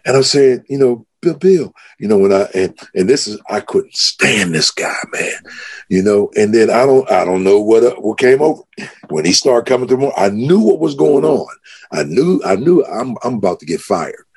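In a podcast interview, a pastor from the United States describes how he was converted, speaking at normal speed with a breathy quality. His excitement builds steadily, and his pitch lifts as he re-creates the shouting.

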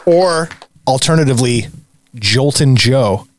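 A man's voice: medium pitch, lively intonation, a little slow, a little hiss or hum. A man co-hosting a podcast, running a playful sports quiz and laughing easily. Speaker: podcast co-host. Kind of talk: casual chat.

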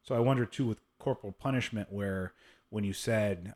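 A man's voice: on the low side, normal speed, a little mellow. A man in his thirties hosting a casual interview chat, talking frankly, swearing, and acting out voices when he tells a story. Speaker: podcast host.

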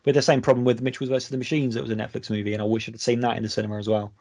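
A man in a casual film chat, easygoing and sharing measured opinions. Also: medium pitch, flat delivery, a little mellow.

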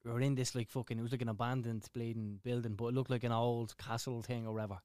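A man's voice: medium pitch, flat delivery, darkish tone, clean tone, dry recording, clean studio sound. A young Dublin man chatting casually, with lots of fillers and swearing. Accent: Dublin Irish. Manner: rapid, swearing, filler-heavy. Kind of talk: casual storytelling chat.

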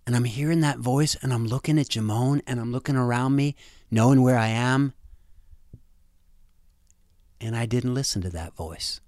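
Telling a story from his own life, a man stumbles along, repeating words and starting over again and again, his voice often soft and low. The recording is studio quality with no echo.

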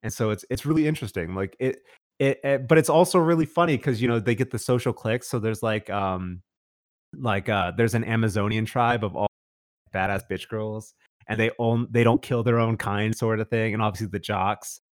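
A man's voice: on the low side, a little fast, no room sound, clean studio sound. A man in casual chat, recommending a show with rambling enthusiasm, full of restarts and fillers.

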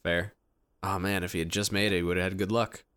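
A man's voice: low-pitched, little pitch movement, fast talker, fairly bright tone, clear, resonant tone, no room sound. A man co-hosting a casual podcast, joking and bantering. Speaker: podcast co-host. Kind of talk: casual chat.

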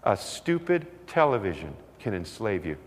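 A man preaching a sermon, telling stories with lively delivery and acting out the voices of the people in them. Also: fairly low pitch, moderate pace. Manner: animated storytelling, acts out voices. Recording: long hall reverb.

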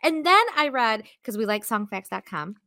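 A woman co-hosting a podcast in a casual chat, chatty and animated, laughing often and quick to apologize. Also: a little high. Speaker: podcast co-host.

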